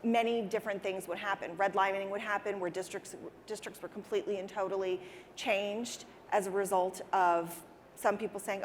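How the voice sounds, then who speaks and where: A woman speaking earnestly as an interview guest, restarting her sentences and repeating words as she goes. Her voice sits at a middle pitch. It carries a long reverb, as if recorded in a large hall. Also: fairly even intonation, normal speed, slight background noise. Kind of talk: conversational interview answers. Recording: reverberant hall with faint ambience.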